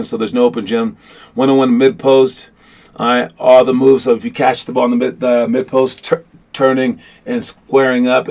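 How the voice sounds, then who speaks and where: Coaching a group of young basketball players, a medium-pitched man delivers a loose motivational talk full of fillers and false starts, getting more animated along the way.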